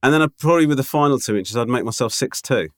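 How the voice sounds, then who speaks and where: A man's voice: mid-range voice, lively intonation, quick pace, no echo, studio quality. A man co-hosting a podcast, teasing and self-deprecating, who reads out listener emails. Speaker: podcast co-host. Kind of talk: casual chat, reading listener emails.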